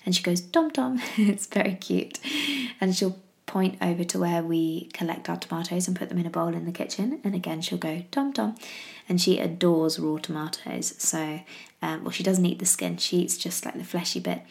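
A woman from England talks in a relaxed, rambling chat, restarting sentences and filling gaps with ums. Her voice sits fairly low and carries a noticeable gravelly fry. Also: normal speed. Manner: chatty, rambling with fillers and restarts. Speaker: parenting podcaster. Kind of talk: casual chat.

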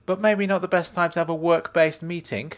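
A man's voice: a little high, steady tone, a little fast, pitched above the performer's own voice, close to an everyday voice. A man reading a story, voicing a breezy, upbeat woman researcher in a raised, chirpy voice. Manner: bright, chirpy, casual.

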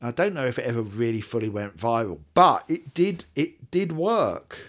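A British man in his fifties hosts a casual chat podcast, his voice sitting at an ordinary middle pitch. He rambles in a self-mocking way and breaks into asides while he reads aloud. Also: very animated, moderate pace, fairly bright tone. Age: 50s. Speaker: podcast host.

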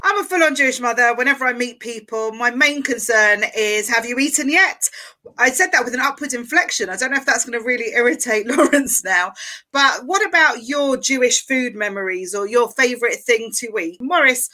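A woman's voice: fairly high pitch, a little fast, sharp tone. A woman co-hosting a podcast, joking wryly as she chats. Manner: joking, wry. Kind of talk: casual chat.

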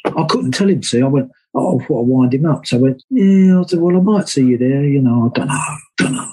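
Chatty older Englishman, dark husky voice. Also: mid-range voice, fast talker, poor audio. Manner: chatty anecdotal, lively quoted voices. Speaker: guest musician. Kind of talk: casual storytelling interview.

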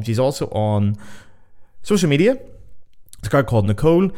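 A man's voice: lowish voice, darkish tone. A young Irish man hosting his own podcast, talking casually and rambling, swearing freely. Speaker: podcast host. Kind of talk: casual solo podcast chat.

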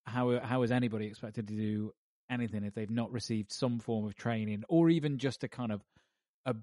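A male host asks thoughtful questions in a measured, unhurried way. His voice sits in a middle pitch. The sound is dry and close. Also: mellow, no echo. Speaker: interview host. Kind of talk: casual interview chat.

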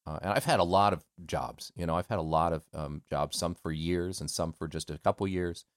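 A man's voice: deep voice, fairly even intonation, brisk, no echo, clean studio sound. A man from the United States, a voice actor talking candidly and self-deprecatingly as a guest in a casual interview.

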